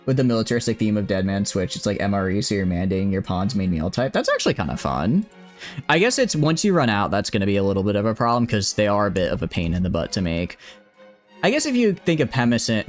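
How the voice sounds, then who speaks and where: A man streaming a strategy game live, rambling and correcting himself as he chats with viewers. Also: on the low side. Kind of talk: live gameplay commentary.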